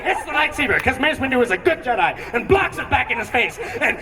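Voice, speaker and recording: A young man doing stand-up comedy on a theatre stage, excitable and rambling with many fillers. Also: extremely high pitch, quick pace, big-room sound, a crowd in the background. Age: young adult. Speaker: student comedian. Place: theatre stage before an audience. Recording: distant stage recording with audience.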